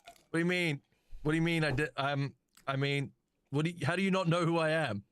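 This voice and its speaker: A man's voice: on the high side, fairly quick, a bit bright, clear, resonant tone, voice pushed up, natural voice. A man voicing a panicky, defensive exo character with a faintly robotic tinge in a tabletop game. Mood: indignant, panicky.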